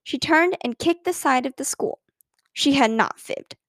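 A woman narrating a children's storybook aloud in an expressive, lively reading. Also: high-pitched, a little slow, no echo, clean studio sound.

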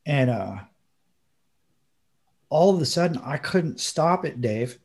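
Man, podcast co-host, pitched a bit high, vivid storyteller who jumps up for quoted lines. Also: takes it slowly. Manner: animated, acts out quotes with sudden high bursts. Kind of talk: storytelling in casual chat.

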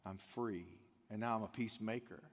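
A man preaching a sermon, asking the room questions and swinging between loud peaks and hushed lines. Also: on the low side, steady tone, moderate pace. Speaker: pastor. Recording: long hall reverb.

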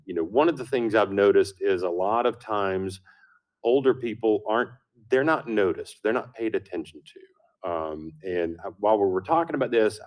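A man hosting a talk radio show, speaking in an unhurried, thoughtful way with frequent pauses. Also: fairly low pitch, darkish tone.

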